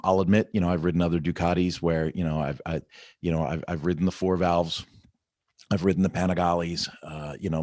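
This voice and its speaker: A middle-aged man talks through a casual morning check-in, upbeat and rambling, often checking in with the listener. His voice sits very low. The sound is dry and close, with no room around it. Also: darkish tone, no room sound. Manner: chatty, rambling, upbeat with repeated "right?" and "you know". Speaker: vlog host.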